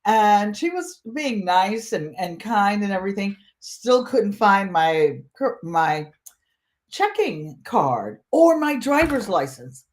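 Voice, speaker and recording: An older woman from Connecticut, host of a quilting channel, telling a funny travel story in a casual, animated way and acting out the voices of people in it. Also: mid-range voice, takes it slowly. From Connecticut, USA. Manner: animated, comic, acts out voices in her story.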